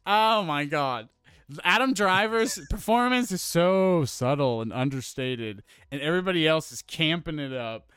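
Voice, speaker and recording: Guy ranting bout a movie, swears a lot, smooth clear voice, kinda high. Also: a little slow, no room sound, clean studio sound. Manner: animated, profane, exasperated ranting. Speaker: podcast co-host. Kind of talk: casual movie review chat.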